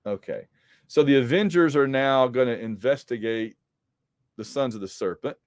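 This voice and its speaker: A man's voice: mid-range voice, normal speed, a little mellow, dry recording. A man in a middle register talks through a comic story in a loose, conversational way, full of ums and restarts. His voice sits close and dry, with no room sound around it. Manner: rambling, with frequent ums and restarts. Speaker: comic book podcast host. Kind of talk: casual comic recap.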